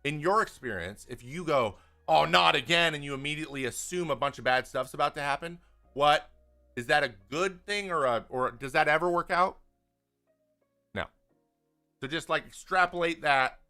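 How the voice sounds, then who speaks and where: A man's voice: a little high, normal speed, faint music behind. A man, hosting a casual live chat and answering viewer questions in a rambling way with many restarts. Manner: rambling, restarts often, animated when venting.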